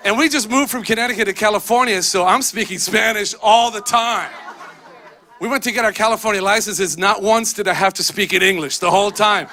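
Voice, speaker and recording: A man in his forties doing a stand-up comedy set on a club stage, telling animated stories and acting out the people he quotes. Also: high-pitched, fairly quick. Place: comedy club stage before a laughing audience. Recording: live club recording with loud crowd laughter and noise.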